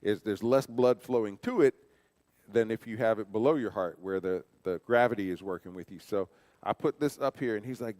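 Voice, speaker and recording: A fairly low-pitched, slightly mellow man speaks at a moderate pace during a church safety training in a church hall. His talk is conversational, full of rhetorical questions and personal stories, and carries the long reverb of a large hall.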